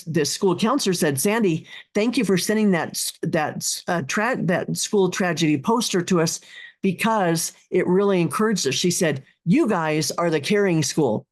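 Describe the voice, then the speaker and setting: A middle-aged woman guest telling stories in an earnest, heartfelt way, with many restarts and fillers. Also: fairly low pitch. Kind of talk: casual interview talk.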